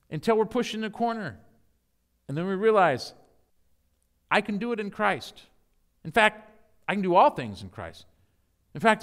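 A middle-aged man giving an encouraging sermon as a guest speaker, animated, with playful mock-enthusiastic asides. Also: high-pitched.

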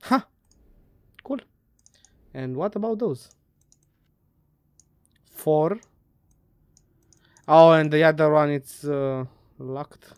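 A woman's voice: low voice, very slow, long pauses, a little mellow, clear, resonant tone, dry recording, studio quality. A woman playing a puzzle game and giving let's play commentary, muttering, swearing and laughing to herself. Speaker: gamer.

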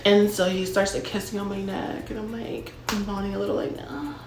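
A woman's voice: mid-range voice, flat delivery, fairly quick, heavy background noise. A young woman spins a comedic storytime in a brash, self-absorbed valley-girl voice, with "like" dropped into every other phrase and casual swearing. Her voice sits in an ordinary middle register. The recording carries a roomy echo. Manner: ditzy valley-girl talk full of "like".

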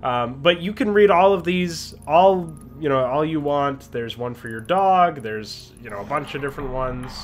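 A man's voice: on the high side, expressive, moderate pace, few pauses. A man hosting a let's-play, talking casually and enthusiastically about a game he is playing. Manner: chatty, enthusiastic. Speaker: host.

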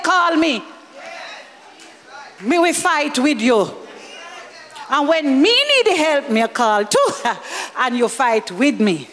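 A woman with a Jamaican accent preaching a lively sermon, slipping into Jamaican Creole and chuckling as she speaks. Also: sits high, big-room sound. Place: church hall.

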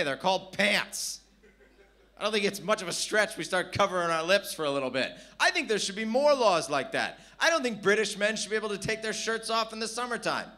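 A man's voice: high-pitched, bright, forceful tone. A man from San Diego, performing brash, profane stand-up with crowd work at a live comedy venue. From San Diego, California.

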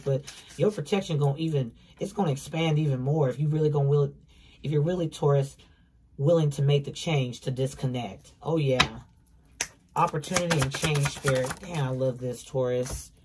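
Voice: mid-range voice, darkish tone, slight background noise. A tarot reader giving a casual, emphatic reading, repeating words for stress and swearing bluntly. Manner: emphatic, repetitive, blunt and profane.

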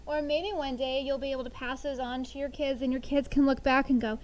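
A middle-aged woman teaching a sixth grade class, talking lively and telling funny family stories to the students. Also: high-pitched, a little fast, low-quality recording. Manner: lively, animated storytelling. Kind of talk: classroom lesson with storytelling.

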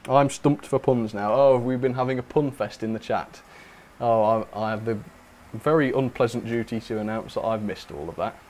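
A young man hosts a casual livestream, talking in a chatty, self-mocking way and laughing often. His voice sits at an ordinary middle pitch. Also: normal speed, a little mellow, a little hiss or hum. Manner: chatty, giggly, self-mocking, reads chat aloud. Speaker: host of a model railway livestream.

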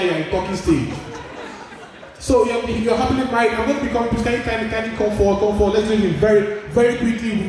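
A man, emceeing a party and joking with the crowd, often shouting. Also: sits high, recorded from a distance. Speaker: event MC. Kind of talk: party hosting on a mic. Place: indoor party room. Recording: echoey hall, mic heard from afar, music behind.

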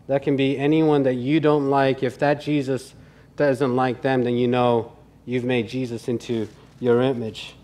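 A man's voice: medium pitch, dark tone. A male pastor preaching a sermon in an earnest, conversational way.

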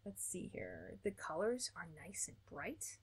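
A woman's voice: medium pitch, a little slow, creaky, breathy edge. An American woman hosting an art channel, giving a chatty, upbeat review with small laughs and restarts. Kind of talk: casual product review.

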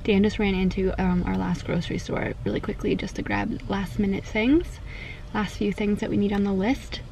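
A young woman vlogging from inside a parked car, talking quietly and softly in a chatty, giggly, rambling way. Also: mid-range voice, a little hiss or hum, rough recording. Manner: talking quietly, soft-spoken. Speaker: family vlogger. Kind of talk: casual vlog chat.

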